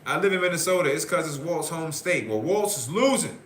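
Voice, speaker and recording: A male host giving excited live election-night commentary, repeatedly reading out vote counts. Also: fairly high pitch, brisk, echoey room, slight background noise.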